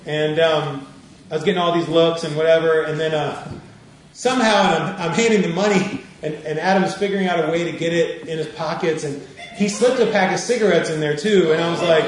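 A man's voice: on the high side, normal speed, slight background noise. A male minister giving a sermon as a conversational storyteller who laughs as he tells a personal story. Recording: echoey room from a distance.

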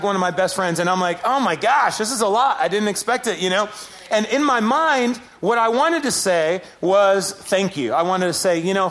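A man preaching a sermon, telling stories with animated, self-deprecating humor. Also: high-pitched. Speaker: pastor.

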